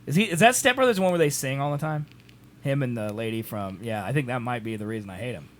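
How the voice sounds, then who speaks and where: A man's voice: medium pitch, expressive, quick pace, slight background noise. A young adult man co-hosting a podcast in casual chat, rambling and self-mocking, laughing easily. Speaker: podcast co-host.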